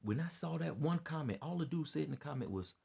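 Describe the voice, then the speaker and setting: A man's voice: fairly high pitch, expressive, fast talker, creaky, darkish tone, slightly rough. A tired man speaking in a rambling, preachy vlog, repeating himself and appealing to his listeners. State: worn out and dead tired. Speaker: online preacher and commentator. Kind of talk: impassioned unscripted vlog commentary.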